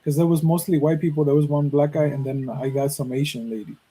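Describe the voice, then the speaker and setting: A man in his thirties from Mexico tells a personal story in a loose, cursing, animated way, acting out the voices of the people he met. His voice sits fairly high for a man and has a husky grain. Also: fast, low-quality recording. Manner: profane, animated, acts out quoted dialogue. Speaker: podcast host. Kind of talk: casual storytelling.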